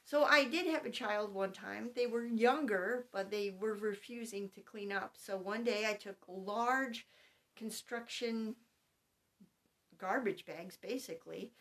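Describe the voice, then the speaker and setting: Calm, methodical middle-aged woman giving advice. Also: medium pitch, measured pace. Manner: calm, methodical, spells things out point by point. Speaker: homeschooling mother giving advice. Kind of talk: instructional talk to parents.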